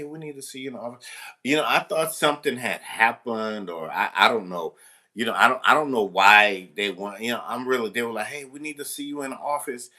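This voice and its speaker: A substitute teacher with a fairly low, bright, forceful voice tells a story casually to camera. It's rambling, exasperated and joking, with mild cursing.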